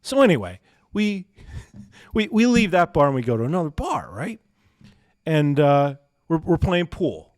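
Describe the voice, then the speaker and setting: A man's voice: on the high side, sing-song, a little slow, dry recording, studio quality. A man co-hosting a podcast, telling a story in casual chat with many fillers and frequent laughs. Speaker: podcast co-host.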